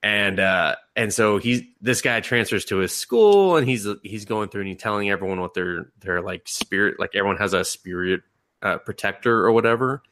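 A man's voice: on the low side, lively intonation, normal speed, a bit bright. A man hosting a podcast, casually and animatedly recapping an anime, laughing and acting out the characters' lines. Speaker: podcast host.

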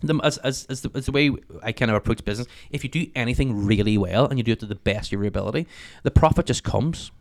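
A man in his thirties with a Northern Irish accent, chatting as a podcast guest, animated and swearing freely. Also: medium pitch, gravelly. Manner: swears freely, animated storytelling, rapid talk. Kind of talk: casual interview chat.

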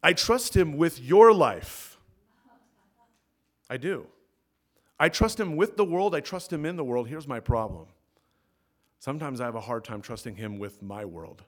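A man preaching a sermon as pastor in a church, swinging between loud emphatic peaks and soft low asides. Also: expressive, moderate pace. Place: church sanctuary.

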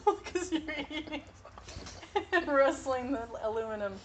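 A woman's voice: high voice, expressive, unhurried, very noisy. Giggly, easygoing woman chatting. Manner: easygoing, giggly, dry quips. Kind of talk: casual chat.

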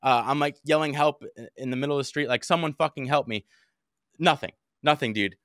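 A young man recounts a story at a rapid clip, his voice bright and forward. He talks in an animated, profane way and acts out his own yells. The mic sound is close and dry. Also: mid-range voice, dry recording. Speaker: podcast co-host. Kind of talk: casual storytelling chat.

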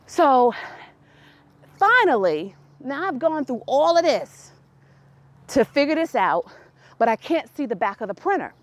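A woman hosting her own podcast, telling a casual story in an animated way, laughing and reenacting dialogue with growing exasperation. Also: high-pitched, unhurried, long pauses. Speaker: podcast host.

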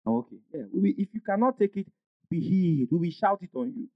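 High, lively-voiced preacher. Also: male voice, brisk, no echo, highs cut off. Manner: emphatic preacher, rises into shouts and call-and-response. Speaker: pastor. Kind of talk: sermon.

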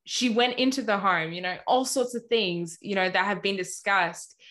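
A woman's voice: medium pitch, moderate pace, fairly bright tone. A woman in casual conversation, rambling through a story with lots of fillers. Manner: rambling storyteller, many fillers like "anyway" and "you know". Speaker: Christian ministry guest or host.

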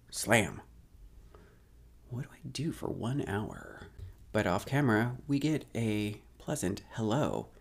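A man's voice: lowish voice, a little mellow. A man recapping a show's episode as a story, with wry, sardonic asides. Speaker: show recapper.

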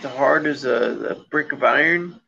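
Gravelly, rambling man on a lo-fi call. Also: mid-range voice, unhurried, bright, forceful tone. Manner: rambling, jokey, with playful sing-song asides. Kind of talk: casual chat over a call. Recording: lo-fi call audio with faint noise.

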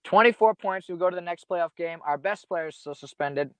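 A man's voice: high voice, fairly quick, no echo. A young man telling a casual story in a rambling way, full of slang and swearing. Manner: profane, rambling, laid-back slang. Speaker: podcast guest storyteller.

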